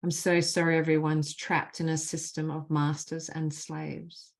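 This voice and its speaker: Low-voiced woman guiding a healing call. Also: level tone, gravelly. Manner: slow, deliberate reading of repeated phrases. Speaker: spiritual mentor leading a group call. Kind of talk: guided clearing session with spoken healing phrases.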